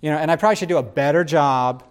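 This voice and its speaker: A man hosting a casual faith discussion, talking in an animated, rambling way with frequent restarts. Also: fairly high pitch, rapid-fire, smooth.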